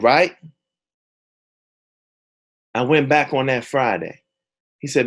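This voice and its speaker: A man telling a personal story to an audience as a motivational speaker, animated and dramatic. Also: mid-range voice, measured pace, pauses often.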